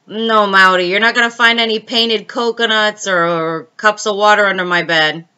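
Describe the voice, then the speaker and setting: A woman's voice: mid-range voice, steady tone, moderate pace, pushed and bright, clean tone, dull audio. A woman hosting a casual live stream, chatting with viewers and telling a personal story. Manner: chatty, answers viewer comments mid-story.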